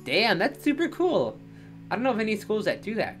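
A woman's voice: medium pitch, very animated, fairly quick, soft background music. A woman hosting a let's play, chatting casually and joking as she plays a game. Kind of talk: casual gameplay commentary.

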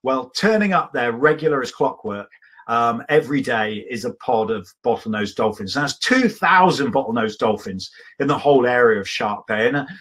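Guy rambling happily through a travel talk to a crowd, kinda husky breathy voice, lots of ums. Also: mid-range voice, lively intonation, normal speed, a bit bright. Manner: enthusiastic, rambling storyteller with many fillers. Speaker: adventurer giving a travel talk. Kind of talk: live illustrated talk to an audience.

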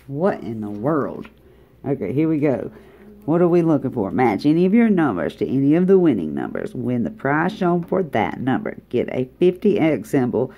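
A woman's voice: sits low, warm tone. A woman chatting casually to viewers while scratching lottery tickets in a hotel room, drawling and talkative.

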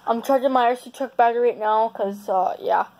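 A woman's voice: on the high side, fairly quick, a little mellow, a little hiss or hum, rough recording. A woman chatting casually on her vlog, rambling and repeating herself as she shows off her belongings. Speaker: vlogger.

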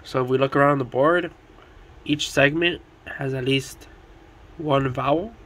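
A man teaching Spanish words at a board, repeating each one slowly and deliberately. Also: medium pitch, fairly even intonation, a bit bright, slight background noise. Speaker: Spanish tutor.

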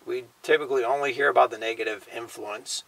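A man teaching the Bible in a casual sermon style, often tagging his points with a quiet "okay?" or "you know". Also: medium pitch, steady tone, fast, vocal fry, no echo, low-quality recording. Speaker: preacher.

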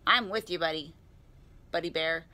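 A woman reading aloud and voicing a boisterous, bouncy male tiger in a storybook, loud and playful. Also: sits low, normal speed. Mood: excited.

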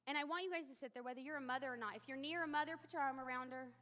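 A woman's voice: high-pitched, rapid-fire, sharp tone, big-room sound. A woman in her thirties preaching a sermon in a church, candid and self-deprecating, talking to the congregation like a friend. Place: church sanctuary.

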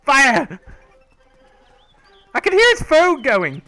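A man doing playful, excited gameplay commentary, hamming up a role-play and making buzzing lightsaber noises with his mouth. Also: high voice, unhurried, clear, resonant tone, soft background music. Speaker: gamer and channel host.

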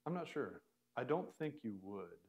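A man lecturing to a small class in a church room, his voice sitting at an ordinary middle pitch. He explains loosely, pausing on fillers and starting sentences over. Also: very animated, highs cut off. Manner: casual, filler-heavy explaining with restarts. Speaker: Bible Greek teacher.

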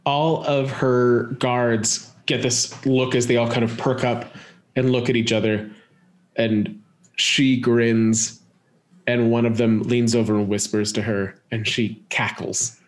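A man runs a tabletop game, describing scenes in an unhurried, descriptive way. His voice sits at an ordinary pitch. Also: flat delivery. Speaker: game master.

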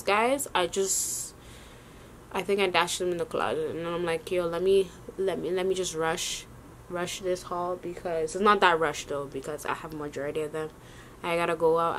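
A woman's voice: on the low side, a little hiss or hum. A woman vlogging a sneaker haul, rambling and casual with lots of slang. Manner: chatty, rambling, slangy ("yo", "y'all").

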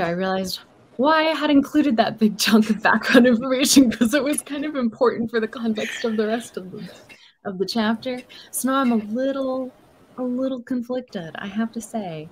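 A woman's voice: a little high, moderate pace, a little hiss or hum. Chatty woman hosting a writing stream. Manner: chatty, playful, self-deprecating. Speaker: host of a writing livestream. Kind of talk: casual chat.

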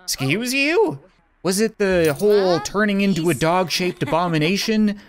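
A man's voice: sits high, lively intonation, moderate pace. Sarcastic young man joking over gameplay. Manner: sarcastic, laughs often. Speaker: gaming commentator. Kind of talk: casual gameplay commentary.

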